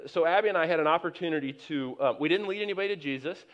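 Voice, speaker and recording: A man's voice: fairly high pitch, racing, a bit bright. Conversational preacher man, dull lo-fi sound. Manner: conversational, anecdotal preaching with many restarts and rising emphasis. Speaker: pastor. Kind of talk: sermon.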